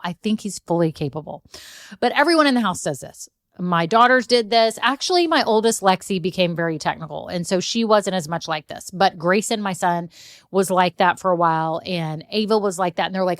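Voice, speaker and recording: A woman's voice: mid-range voice, fairly quick, no room sound. Brief: middle-aged woman podcast host, direct and encouraging business-coach delivery, close and dry mic. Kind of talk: solo coaching podcast talk.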